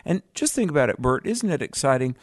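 A man's voice: medium pitch, sing-song, quick pace, dry recording. Earnest preaching male radio co-host. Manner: earnest, preacherly appeals to listeners. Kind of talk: Bible discussion on radio.

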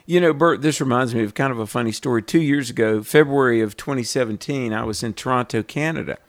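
A man's voice: mid-range voice, quick pace, no echo, clean studio sound. A male radio host making an earnest fundraising appeal and telling stories to rally listeners.

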